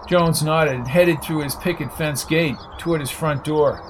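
A man narrates an audiobook in a steady storytelling voice, sitting a little above typical male pitch. A faint hiss runs under the recording. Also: unhurried.

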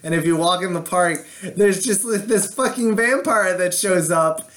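High-voiced laughing podcast guy. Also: normal speed. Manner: animated, laughs a lot, swears freely. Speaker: podcast co-host. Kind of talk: casual chat.

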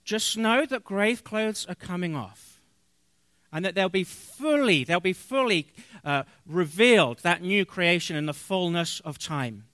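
Male pastor, high bright tone, earnest sermon delivery with scripture reading, dry close sound. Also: expressive, no room sound. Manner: earnest preaching with pauses and fillers, reading scripture aloud.

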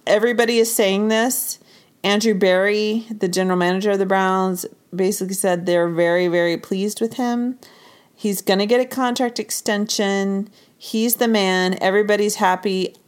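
A woman's voice: mid-range voice, clear, resonant tone. Playful chatty woman podcast co-host. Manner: playful, teasing, chatty sports talk. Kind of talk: casual podcast chat.

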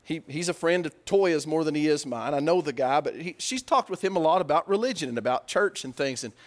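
A man with a high voice preaching a sermon. He talks to the congregation conversationally and asks them questions. He shifts between loud emphatic bursts and low, quiet stretches. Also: expressive, a little fast.

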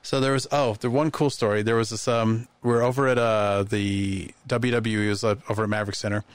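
A man in casual podcast chat, telling lively anecdotes and acting out the voices of people in them. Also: fairly low pitch, brisk, clean tone, dry recording. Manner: animated anecdotes, acts out quoted voices. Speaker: podcast guest.

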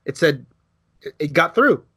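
A man's voice: unhurried, slightly rough. A man co-hosting a podcast, telling a casual story, acting out quotes with big jumps in his voice and swearing freely. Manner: animated, acts out quotes with big pitch jumps. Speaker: podcast co-host.

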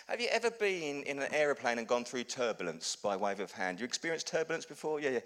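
A man preaching a sermon as pastor, telling stories with humor, swinging from loud bursts to hushed lows. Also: lively intonation, brisk.

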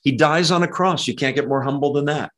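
A man preaching a sermon, animated and emphatic, with conversational asides. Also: a little high, fairly quick. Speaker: pastor.

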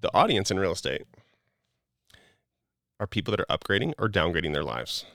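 A middle-aged man with a low voice and a gravelly rasp that creaks through his sentences. He talks as a podcast guest in a casual but preachy, motivational way, leaning on "like" as a filler. The sound is dry and close, with no room echo. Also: very animated, a little fast, pushed and bright. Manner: earnest and preachy, many "like" fillers.

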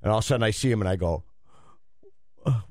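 A man's voice: fairly low pitch, very fast, a little mellow, dry recording, studio quality. A man co-hosting a radio show, rambling defensively in casual banter. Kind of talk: casual chat.

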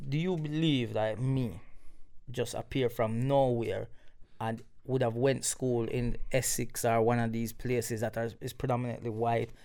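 A man's voice: mid-range voice, fairly even intonation, a little slow, mellow, clear, resonant tone. A man with a Jamaican country accent, chatting casually on a podcast and telling stories in a laid-back way. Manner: laid-back storytelling, drops into patois. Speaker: podcast co-host. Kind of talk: casual chat.

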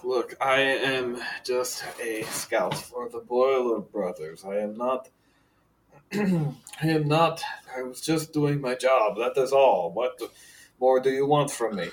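A man's voice: mid-range voice, slow pace, a little hiss or hum, pitched above the performer's own voice, natural voice. A man voicing a frightened male scout held captive in a tabletop game, speaking nervously and pleadingly. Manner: nervous, pleading, sometimes hushed.

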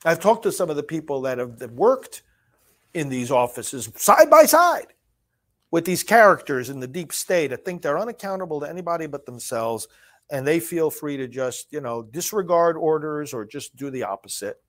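A man's voice: a little high, very animated. A man hosting a solo political commentary show, reading from a speech and discussing it emphatically, often repeating words and restarting phrases. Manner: reads quoted lines slowly and forcefully.

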